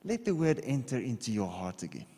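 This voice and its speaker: A man preaching a relaxed, conversational sermon, often stopping to check that his listeners follow. His voice rings with a long reverb, like a church hall. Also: mid-range voice, brisk, slightly rough. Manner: conversational, repeats okay, drawing on a board. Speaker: pastor.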